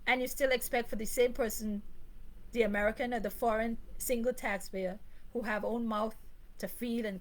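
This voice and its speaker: A woman's voice: on the high side, low-quality recording. A woman from Grenada, delivering an emphatic live monologue to her channel, often repeating herself and laughing briefly. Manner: emphatic, repetitive, with short laughs. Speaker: channel host.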